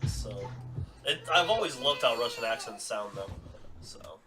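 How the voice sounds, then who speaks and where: A man running a tabletop game as dungeon master, chatty and quick to laugh, talking casually at home. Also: medium pitch, expressive, over music. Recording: distant mic with clear background noise.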